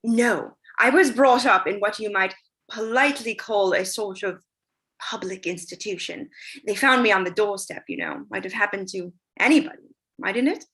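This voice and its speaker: A woman's voice: medium pitch, moderate pace, a bit bright, lightly acted. A woman reading a flighty, cheeky young suffragette with arch comic timing in a play reading.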